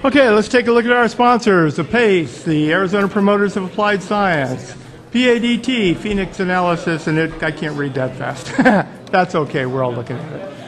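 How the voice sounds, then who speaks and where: A man's voice: high voice, moderate pace. A man announcing a live student robot competition in a chatty, amused way. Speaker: event announcer. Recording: live crowd noise.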